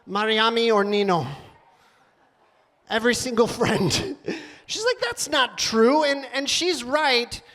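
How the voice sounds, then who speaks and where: A man doing a stand-up comedy set on a club stage, animated and rattling off long lists quickly. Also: sits high.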